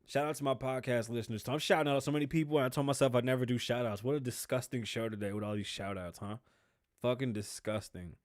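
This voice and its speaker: A man's voice: mid-range voice, fairly even intonation, quick pace. Profane, ranting male podcast host. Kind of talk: casual solo commentary.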